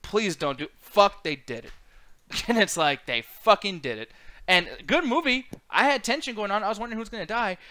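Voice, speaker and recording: A man with a high, bright voice rants through a casual movie chat as co-host. He swears constantly and complains with animated energy. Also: moderate pace. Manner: profane, ranting, animated. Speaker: podcast co-host.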